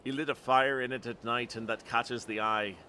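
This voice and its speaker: Man voicing a wary old Scottish lighthouse keeper for a video game, rough brogue, sharp forceful tone. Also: medium pitch, fairly even intonation, normal speed, slight background noise, lightly acted. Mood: gruff. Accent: put-on Scottish.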